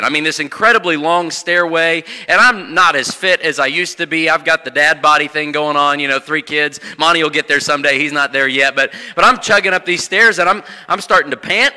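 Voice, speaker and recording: A man's voice: a little high, pushed and bright. A man in his thirties, a guest preacher telling humorous stories in a sermon, talking in a folksy way with fillers and restarts. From Indianapolis area. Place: church sanctuary. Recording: long church hall reverb.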